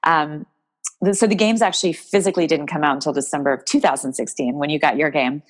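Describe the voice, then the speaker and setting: A woman's voice: low-pitched, fairly even intonation, fast. A woman guest in an interview, telling a personal story in a rambling, emotional way with many restarts. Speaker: guest, game creator.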